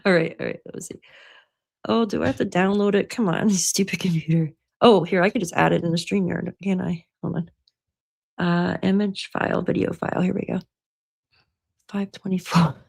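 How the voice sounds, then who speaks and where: A woman's voice: fairly low pitch, fairly even intonation, normal speed, creaky, a little mellow. A woman hosting a casual livestream from home, chatty and laughing often, swearing freely. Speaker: livestream host. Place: at home by her computer.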